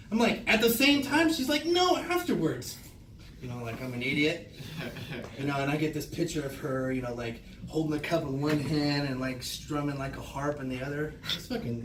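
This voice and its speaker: A male stand-up comedian telling a crude, profane story, acting out his own reactions in loud bursts. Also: medium pitch, reverberant, far from the mic, heavy background noise. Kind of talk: stand-up set. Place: small comedy club stage. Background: audience laughter.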